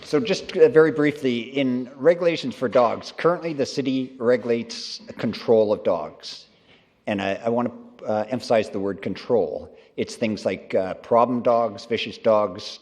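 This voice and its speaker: A man's voice: lowish voice, a little mellow. A man presenting a staff report to a city council, hesitant with many fillers and restarts. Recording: long reverb of council chamber.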